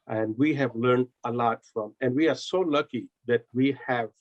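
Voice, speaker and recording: A man's voice: mid-range voice, low-quality recording. A man hosting a video call meeting, giving polite formal closing thanks with frequent uh fillers. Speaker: host.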